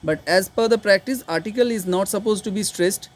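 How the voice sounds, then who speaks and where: A man's voice: high-pitched, a little fast. A man, teaching an online literature class, patiently explaining step by step and checking that students follow.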